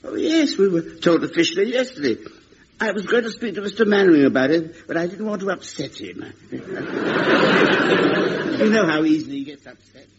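An actor playing a gentle, timid old gentleman in a radio sitcom, speaking in a mild, hesitant, polite way. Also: high voice, expressive, a little fast, noisy background. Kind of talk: 1940s-style radio sitcom acting. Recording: dull vintage radio recording.

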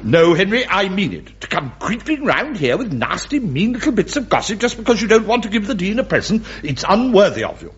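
An actor playing a fussy, flustered bishop in a sitcom, stammering and exclaiming. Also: male voice, high voice, sing-song, brisk, hardly any pauses, husky, lo-fi sound, exaggerated voice. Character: fussy flustered male bishop, middle-aged. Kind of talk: British sitcom acting.

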